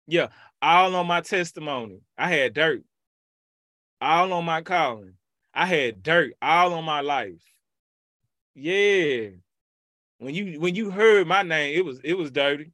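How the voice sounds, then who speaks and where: A man in his thirties preaching devotionally, fervently chanting a name in call-and-response, then turning reflective and personal with soft laughs. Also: a little high, lively intonation, measured pace, no room sound, studio quality. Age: 30s.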